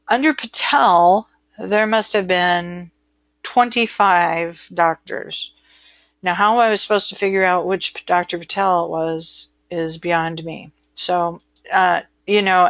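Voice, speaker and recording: A woman's voice: on the low side, fairly bright tone, dry recording, lo-fi sound. Chatty woman giving a rambling online lesson. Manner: rambling, chatty, with many ums and asides. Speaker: transcription instructor. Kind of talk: casual webinar lecture.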